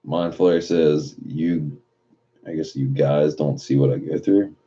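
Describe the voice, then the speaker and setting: Very deep, dark-voiced man streaming late at night. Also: steady tone, slow pace, dull audio. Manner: loose, profane, reads chat messages aloud and riffs on them. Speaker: live streamer reading chat.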